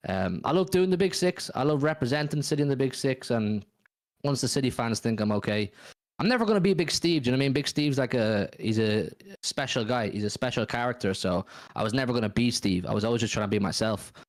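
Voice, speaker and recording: Young manc guy hosting a late night stream, lively slangy shoutouts, middle pitch. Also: fast. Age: 20s. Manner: animated, slangy, shouting out viewers. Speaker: co-host. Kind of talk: late-night livestream chat.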